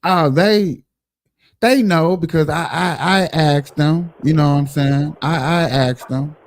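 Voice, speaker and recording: A man's voice: on the high side, takes it slowly. A man hosting a casual livestream show, talking emphatically and directly to his viewers.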